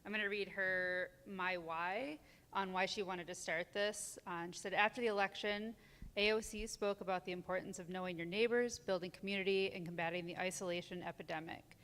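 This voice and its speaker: A woman organizer of a neighborhood group, speaking hesitantly with many pauses as a guest at a church service. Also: fairly low pitch, steady tone, a bit bright. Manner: hesitant, many ums, nervous laughs. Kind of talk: casual on-stage interview. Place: church sanctuary. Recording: long hall reverb.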